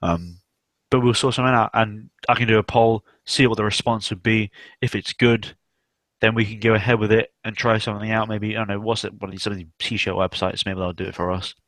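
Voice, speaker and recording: A man's voice: lowish voice, fairly even intonation, fairly quick, fairly bright tone, no echo. A young man hosting a casual livestream chat, rambling and swearing, with many fillers. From South West England. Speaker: stream host.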